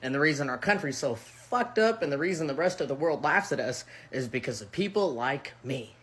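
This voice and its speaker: A social media creator doing a sarcastic, mocking monologue in a short video, with big swings between high and low. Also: lively intonation, fairly quick, fairly bright tone.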